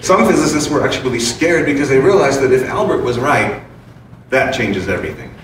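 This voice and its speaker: A man's voice: medium pitch, expressive, fairly quick. Playful man speaking in an echoey room. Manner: playful and chuckling, with casual asides. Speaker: speaker giving a talk to an audience. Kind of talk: informal spiritual talk. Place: large room with an audience. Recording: very echoey room, distant mic, background noise.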